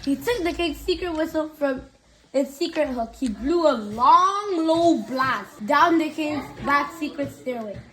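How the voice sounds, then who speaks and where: High-voiced woman reading a storybook aloud. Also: lively intonation, unhurried, pushed and bright, poor audio. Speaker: reader. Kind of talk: reading a children's book aloud.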